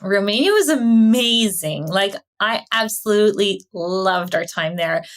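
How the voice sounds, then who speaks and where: Lively woman telling travel stories. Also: medium pitch, measured pace. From Canada. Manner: animated storyteller, laughs often, acts out quotes. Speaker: podcast guest. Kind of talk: casual interview storytelling.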